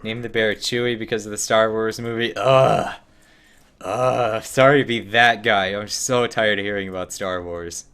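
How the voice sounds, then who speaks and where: A young man talks his viewers through a game in a loose, joking stream chat, his voice sitting a little low. He keeps it chatty and relaxed, now and then slipping into a playful put-on accent for the characters he meets. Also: moderate pace, hardly any pauses, smooth. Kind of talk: casual live-stream gameplay chat.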